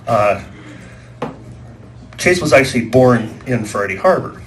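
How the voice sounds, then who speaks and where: A man's voice: medium pitch, lively intonation, unhurried, a little hiss or hum. A man doing live stand-up, telling rambling stories that repeat words and act out quoted voices, at a small live venue. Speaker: stand-up comedian.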